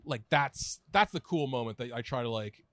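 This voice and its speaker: Male podcast guest, 30s, casual rambler, mid-pitched, dead dry sound. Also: animated, fairly bright tone, dry recording. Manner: rambling with many restarts and fillers, quick laughs. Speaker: podcast guest, food writer and editor. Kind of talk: casual conversational chat.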